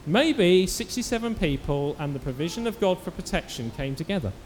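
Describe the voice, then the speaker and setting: Man, church preacher, animated sermon storytelling, bright high pitch, faint room ambience. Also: fairly quick, long reverb tail, a little hiss or hum. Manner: animated storytelling with acted quotes. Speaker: pastor.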